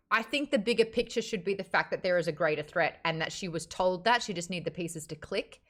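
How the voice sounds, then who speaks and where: A woman hosting a casual live-streamed book club, talking bluntly, swearing freely and ranting in an animated way. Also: lowish voice, normal speed. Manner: animated, acts out quotes.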